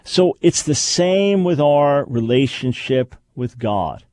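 A man's voice: mid-range voice, expressive, slow pace, darkish tone, no echo. A man hosts a radio teaching show in an emphatic voice, hammering his points home through repetition. His voice sits in a middle range. It is recorded dry and close, with no room sound. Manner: emphatic, repeats key phrases. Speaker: radio talk show host.

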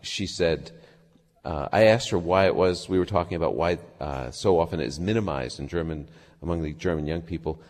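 A man's voice: low-pitched, a little fast, a little mellow, big-room sound. A man who is a guest on a radio talk show, telling a reflective personal story in conversation.

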